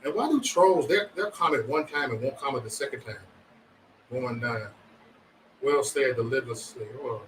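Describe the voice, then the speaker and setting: A man's voice: fairly high pitch, recorded from a distance, slight background noise, rough recording. A man hosting a casual livestream, chatting loosely and profanely with his viewers. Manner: loose, profane, animated banter with chat. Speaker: livestream host.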